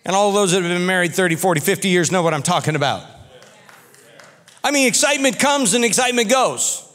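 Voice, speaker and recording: Male pastor, animated folksy sermon, slightly high voice, church hall echo. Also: brisk. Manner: animated, folksy storytelling preacher.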